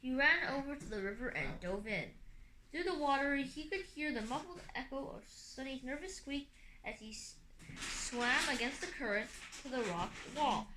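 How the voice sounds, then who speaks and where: A woman's voice: high voice, lively intonation, normal speed, pushed and bright. A woman reading a fantasy novel aloud expressively, with occasional slips and restarts. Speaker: audiobook reader. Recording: echoey room, faint hum.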